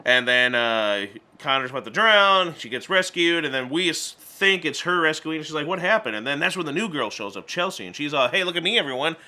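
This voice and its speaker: A man casually reviewing an animated movie, chatty and stumbling over restarts, acting out character lines in little voices. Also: a little high, normal speed, hardly any pauses.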